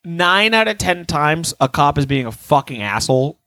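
A man chatting on a podcast, his pitch sitting a touch high and swinging widely as he tells a story. He swears freely and acts out the people in it. The mic is close and dry, with no room sound. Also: normal speed, dry recording, rough recording. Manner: profane, animated storytelling with shouted re-enactments. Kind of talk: casual podcast chat.

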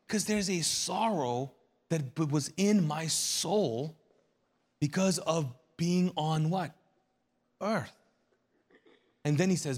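A man's voice: on the high side, animated, unhurried, long pauses, darkish tone, in a large hall. A male pastor preaching a sermon in a conversational way, asking the congregation rhetorical questions and repeating his key phrases.

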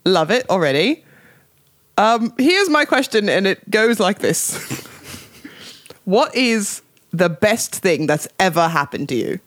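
A woman's voice: medium pitch, big pitch swings, no echo, studio quality. A woman putting on a posh British letter-writer. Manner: playful, posh, drawn-out reading. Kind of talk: reading a listener email aloud.

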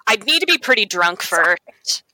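A woman's voice: mid-range voice, big pitch swings, measured pace, heavy background noise. A woman guest on a podcast in casual chat, articulate and wordy, playfully dramatic.

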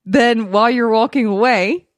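A woman's voice: fairly high pitch, normal speed, dry recording. Upbeat woman coaching, dry close sound. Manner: upbeat, chatty, laughs often. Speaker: self-help coach. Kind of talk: encouraging direct-to-camera talk.

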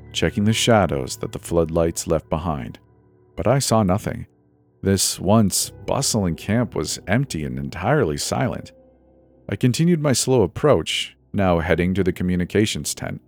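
A man narrating a scripted first-person horror story in a tense, steady way. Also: sits low.

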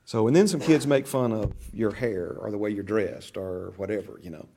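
A man's voice: fairly low pitch, moderate pace, gravelly, background noise. An older man with grandchildren teaching a church discipleship class, conversational and storytelling, acting out voices in his stories.

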